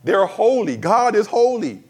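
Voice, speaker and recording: A man preaching a sermon to his congregation, swinging from fervent cries to soft, emphatic lines and addressing the church directly. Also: high voice, sing-song, unhurried, husky. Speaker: pastor.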